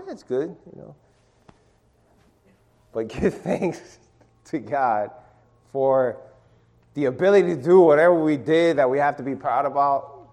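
A middle-aged man with a slightly high voice leads an informal sermon and Bible study. He asks listeners to read verses aloud and often restarts his sentences.

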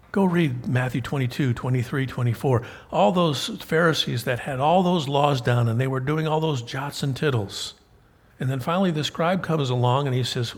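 Man preaching, husky voice, casual and folksy, asks the congregation questions. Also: mid-range voice, normal speed. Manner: folksy, conversational, with rhetorical questions. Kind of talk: sermon.

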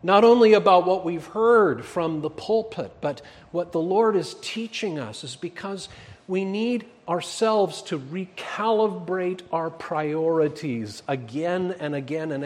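Animated preacher with a lively voice. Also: male voice, sits high. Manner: emphatic preaching, drops to quiet asides. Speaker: pastor. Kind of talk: sermon.

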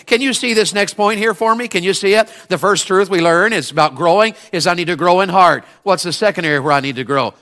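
A middle-aged pastor preaching a sermon, calling out to the congregation and swinging between hushed tones and shouted peaks. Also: male voice, high voice, fast talker, hardly any pauses.

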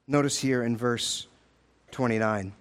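A male pastor preaching a sermon in a church, emphatic, rising to loud urgent peaks and dropping to low, slow, hushed lines. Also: fairly even intonation, clear, resonant tone. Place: church sanctuary.

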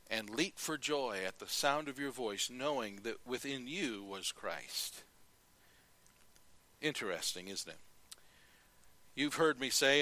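A man's voice: mid-range voice, bright, forceful tone, dry recording, poor audio. A man preaching a sermon as pastor, telling stories, reading scripture aloud and asking rhetorical questions.

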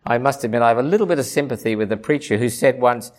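A man preaching a sermon, swinging from hushed low asides to high ringing emphasis, with rhythmic repeated phrases. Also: fast. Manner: repetitive, rhythmic lists of phrases.

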